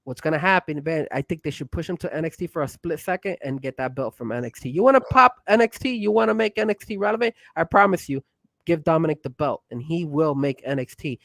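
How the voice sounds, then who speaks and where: A man co-hosting a wrestling talk show, all hype and pushy banter. His voice sits a bit high for a man and is recorded dry and close, with no room sound. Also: fast talker, gravelly, no echo. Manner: hyped, pushy fan banter. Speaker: co-host.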